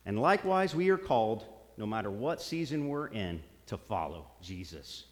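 A man's voice: on the low side, big pitch swings, moderate pace. A man preaching a sermon, earnest, repeating phrases for emphasis. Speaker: pastor. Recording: long hall reverb.

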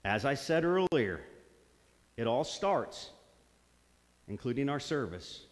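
A man's voice: medium pitch, sing-song, takes it slowly, long pauses. A man preaching a sermon, earnest, repeating phrases for emphasis. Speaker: pastor. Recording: long hall reverb.

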